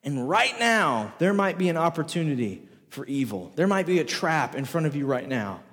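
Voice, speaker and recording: In a sermon echoing through a big church hall with lingering reverb, this high-pitched pastor hammers home the same rhetorical question again and again. His delivery is very animated and fairly bright in tone, at a normal speed.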